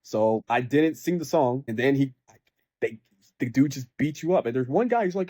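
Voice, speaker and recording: A man's voice: mid-range voice, expressive, a little fast, warm tone, no echo. A young man ranting casually about a video game, rambling with lots of fillers and mocking the characters in exasperated bursts. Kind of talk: casual rant.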